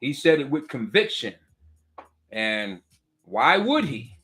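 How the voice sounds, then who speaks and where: A man putting on a mocking impression of an evasive, sheepish male politician. He speaks in a slow, low mumble and keeps backpedaling. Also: very animated, sharp tone, full character voice.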